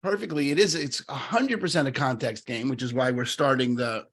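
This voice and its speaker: A middle-aged man co-hosting a podcast, talking casually and telling a story, animated, with many fillers and restarts. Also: medium pitch, brisk, slightly rough. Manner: animated, lots of fillers and restarts, acts out quoted voices. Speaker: podcast co-host.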